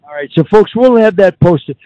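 A male radio host chats casually in a folksy, rambling way, often pausing on fillers. His voice sits a bit high for a man and sounds close and dry in the studio. The sound is slightly muffled. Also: expressive, no room sound. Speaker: radio talk show host. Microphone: studio microphone.

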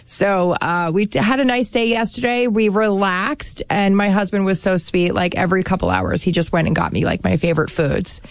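A woman's voice: medium pitch, moderate pace, few pauses, dry recording. A woman from New Jersey co-hosting a casual chat, telling stories with lots of fillers. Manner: chatty, lots of fillers, animated storytelling.

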